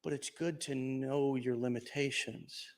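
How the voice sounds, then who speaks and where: A man giving an energetic, joking motivational talk to a live audience at an event, jumping between loud bursts and hushed asides. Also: mid-range voice, measured pace. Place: event venue.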